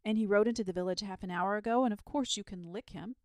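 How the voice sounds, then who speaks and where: A woman reading a storybook aloud, voicing an excitable young boy who talks in a breathless, urgent rush. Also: medium pitch, fast talker, no echo, studio quality, close to an everyday voice. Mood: eager. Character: eager excitable young boy, dragon's friend.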